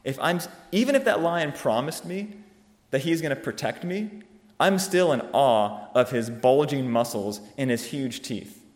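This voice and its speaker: A man preaching a sermon, emphatic and driving his points home with rhetorical questions that build to loud peaks. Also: mid-range voice, lively intonation, unhurried. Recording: long reverb of a hall.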